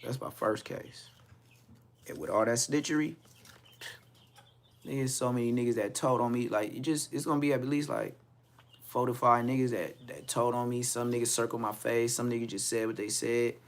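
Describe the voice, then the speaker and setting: A man's voice: medium pitch, moderate pace. Chill guy telling a story on his podcast, lots of slang, does everyone's voices. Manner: laid-back, heavy slang, acts out quotes. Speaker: podcast host. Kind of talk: casual storytelling.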